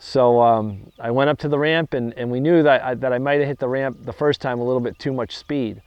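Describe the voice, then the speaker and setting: A middle-aged man telling a story in a casual interview, halting, with many restarts and fillers. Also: medium pitch, clear, resonant tone, no room sound, lo-fi sound.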